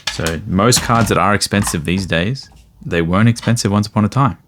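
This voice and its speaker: Male vlogger, deep voice, easygoing rambling delivery, faint hiss behind. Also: fairly quick, a bit bright. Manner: rambling, easygoing, thinks aloud. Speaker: card collector vlogger. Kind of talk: casual vlog commentary.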